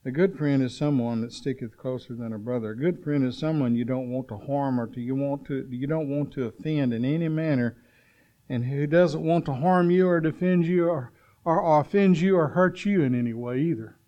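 A man preaches a sermon, swinging from loud, urgent calls to hushed storytelling and asking the congregation if they're listening. His mid-range voice moves briskly, and the audio is dull.

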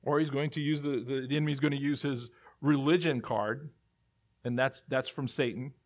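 A man's voice: medium pitch, steady tone, normal speed. A male pastor preaching a sermon, emphatic and repeating phrases as he builds his points.

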